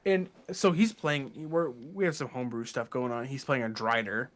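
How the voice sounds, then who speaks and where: A man co-hosting a podcast, talking in a relaxed, chatty way about tabletop games. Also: mid-range voice, moderate pace. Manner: relaxed, chatty, with fillers and laughs. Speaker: podcast co-host. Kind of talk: casual chat.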